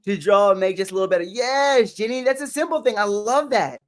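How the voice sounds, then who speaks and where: Upbeat high-voiced man hosting a live stream. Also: lively intonation, brisk. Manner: upbeat, greets viewers by name, laughs often. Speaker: livestream motivational host. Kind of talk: live stream chat reading. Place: home livestream setup.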